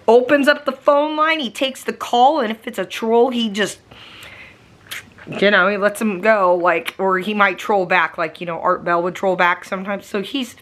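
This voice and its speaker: A woman vlogging casually from her living room, tired and nursing a migraine, rambling with plenty of fillers. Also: fairly bright tone. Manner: rambling, low-key, lots of fillers. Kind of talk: casual daily vlog chat.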